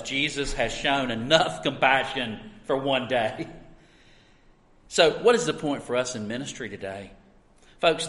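Animated preaching man in an echoey hall. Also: on the high side. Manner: animated preaching, swings between loud and hushed. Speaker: pastor. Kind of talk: sermon.

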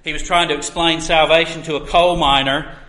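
A pastor preaching a sermon, with earnest, emphatic delivery and drawn-out stresses, in a church sanctuary. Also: male voice, fairly high pitch, steady tone, sharp tone. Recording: echoey room.

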